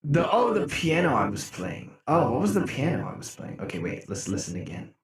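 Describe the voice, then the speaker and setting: Young guy streaming, casual chat with chat, pitch jumps all over, laughs a lot, kinda echoey room. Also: brisk. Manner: animated, laughing, breaks into mock-outraged shouts. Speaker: music streamer. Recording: roomy echo.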